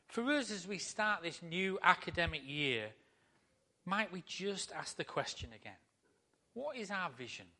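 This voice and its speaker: A man's voice: a little high, fairly bright tone. A male pastor giving a conversational sermon to his church, full of rhetorical questions.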